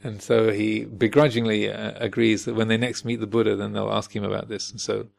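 Man, dharma teacher, storytelling, hesitant, very gravelly voice. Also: fairly low pitch, flat delivery, fairly quick. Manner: hesitant, many fillers and restarts.

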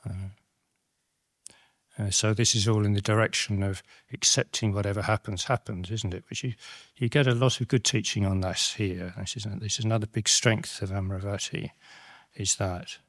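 A middle-aged Buddhist monastic teacher gives a Dhamma talk in a reflective, halting way, with many restarts and tag questions. His voice is lowish and his tone steady, recorded with studio quality and no echo.

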